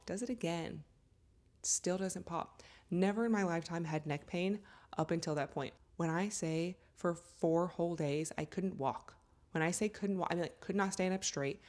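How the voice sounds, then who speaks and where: A woman in her thirties telling a personal story to camera in a casual, self-mocking way, acting out what others said. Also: fairly low pitch. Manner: animated, self-mocking, acts out quotes. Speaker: vlogger.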